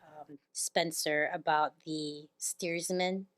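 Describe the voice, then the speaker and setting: A woman's voice: low-pitched, steady tone, slow, a bit bright. A woman co-hosting a casual talk show, hesitant with many ums and easy laughter. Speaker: command chief, co-host. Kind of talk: casual podcast chat.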